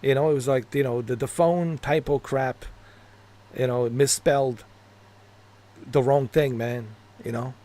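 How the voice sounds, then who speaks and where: A man's voice: mid-range voice, fairly even intonation, measured pace, pauses often, mellow. A man streaming games, telling rambling stories in casual chat, laughing at his own jokes and cursing freely. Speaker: gaming streamer.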